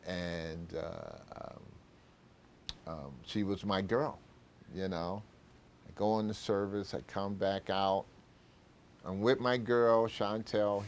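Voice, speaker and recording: An older man from New York telling long stories in an interview, rambling with many fillers and acting out old conversations. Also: deep voice. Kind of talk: anecdotal interview storytelling.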